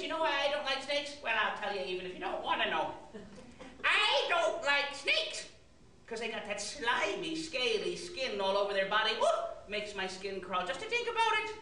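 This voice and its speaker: A shrill, fussy gossip , put on by a storyteller, squeals and giggles as she fusses. The voice rings bright and high. It sits back from the mic in an echoey room. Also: wildly swooping pitch, moderate pace, exaggerated voice. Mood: disgusted. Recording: roomy, distant mic, faint hiss.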